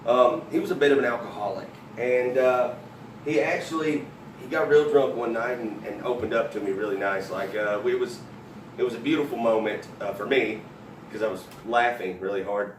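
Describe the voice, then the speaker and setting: A man's voice: mid-range voice, normal speed, background noise. Rambling man telling stand-up stories. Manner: rambling, many fillers and restarts. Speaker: comedian. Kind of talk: stand-up storytelling. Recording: roomy, from a distance.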